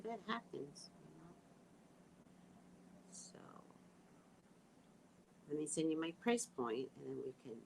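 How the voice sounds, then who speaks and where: A woman in her sixties chatting casually with her audience, snarky and animated, telling stories full of quoted dialogue, with a slight lisp from a missing tooth. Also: low voice, slight background noise, rough recording. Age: 60s. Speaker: livestream host reading viewer comments. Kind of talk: casual chat.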